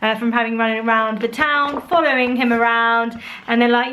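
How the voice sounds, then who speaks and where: A young woman chatting casually about her favourite bedtime picture books, animated, with playful put-on voices. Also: a little high, normal speed. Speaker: vlogger reviewing children's books. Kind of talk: casual chat.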